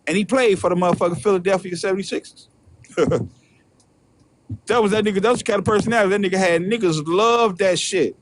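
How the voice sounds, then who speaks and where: A man hosting a show, delivering a heated, profane rant full of repetition. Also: high voice. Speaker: host. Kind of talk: profane ranting commentary.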